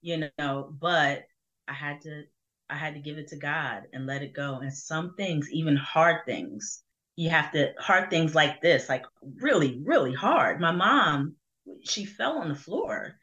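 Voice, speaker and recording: This middle-aged Burlington, New Jersey woman speaks in a low, slightly bright voice, animated yet a little slow. As a conversation guest she gives an earnest, reflective faith testimony full of fillers, recorded with dull lo-fi sound.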